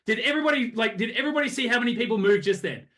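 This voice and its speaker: A man coaching a group over a video call, energetic and acting out both sides of conversations. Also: very high voice, very fast. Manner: energetic, animated, acts out both sides of chats. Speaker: sales coach.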